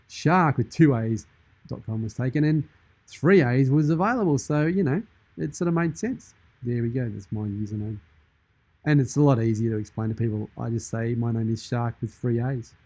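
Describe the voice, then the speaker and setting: An Australian man hosting a live stream in a shark persona, chatting casually and deadpan while reading out viewer comments from his studio. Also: medium pitch, dry recording. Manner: jokey, deadpan, in-character banter. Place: studio with green screen.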